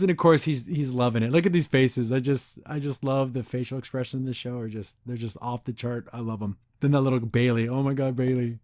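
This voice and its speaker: A man's voice: on the high side, animated, dry recording, clean studio sound. A man hosting a podcast, casually recapping a cartoon episode in a chatty, gushing way with frequent laughs. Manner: chatty and gushing, often laughing, acts out characters in quick voices.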